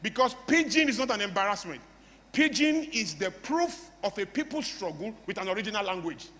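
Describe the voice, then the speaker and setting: A man's voice: high voice, big pitch swings, a little fast, pushed and bright, long reverb tail. A man with a Nigerian English accent giving a playful motivational talk to a live audience, mimicking broken English for laughs. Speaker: motivational speaker.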